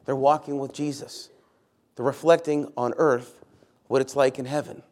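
A pastor preaches to his church in a mid-pitched male voice. He leans on key words and repeats them for emphasis. He keeps asking the congregation questions as he goes. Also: little pitch movement, moderate pace, darkish tone. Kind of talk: sermon.

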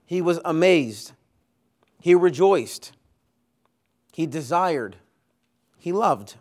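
A man's voice: on the high side, animated, drawn-out words, a little mellow. Earnest man preaching a Sunday sermon. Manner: earnest, emphatic, builds lists with rising force. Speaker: pastor. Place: church.

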